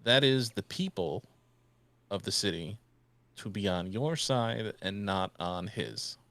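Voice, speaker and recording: Low-voiced man playing a tabletop game. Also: slow, a bit bright, dry recording. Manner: rambling, crude, joking, New York accent put on. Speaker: player. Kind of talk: in-character tabletop role-play.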